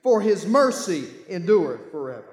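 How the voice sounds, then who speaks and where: A man preaching a sermon, reading scripture aloud and calling his congregation to read along, with bursts of shouting. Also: high-pitched, very animated, normal speed, roomy sound. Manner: call-and-response, urging the congregation to read along. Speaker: pastor.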